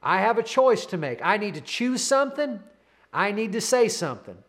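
A man in his thirties preaching with a high, light voice. He presses his point through earnest, repeated declarations, speaking close to the mic. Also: very animated, moderate pace, fairly bright tone. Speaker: pastor. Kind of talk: sermon.

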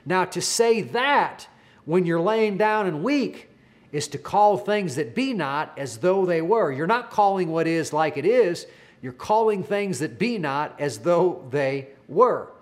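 Male preacher, slightly high voice, earnest storytelling sermon with stumbling repeats. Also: lively intonation, measured pace.

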